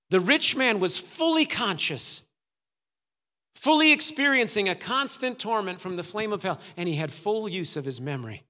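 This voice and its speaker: A man's voice: sits high, sing-song, normal speed, sharp tone, long reverb tail. A man preaching a sermon, dramatic, acting out the voices of the story's figures. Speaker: pastor.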